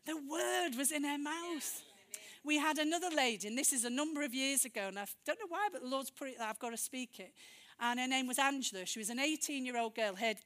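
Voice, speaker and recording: A woman preaching a testimony sermon, telling stories lively, acting out dialogue and laughing often. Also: high-pitched, fairly quick.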